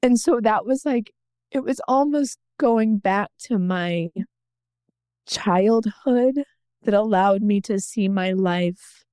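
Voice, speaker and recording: A woman's voice: mid-range voice, slow, warm tone, clear, resonant tone, no room sound, clean studio sound. A woman guest on a podcast, telling her story in a candid, earnest and reflective way.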